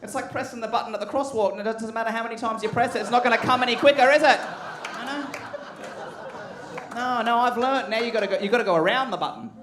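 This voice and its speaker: Aussie guy in his 30s mc'ing a comedy night, fairly high voice, crude and punchy, crowd laughing. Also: fast talker, noisy background. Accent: Australian. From Australia. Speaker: comedy show host. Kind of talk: live stand-up comedy. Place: comedy club stage with laughing audience.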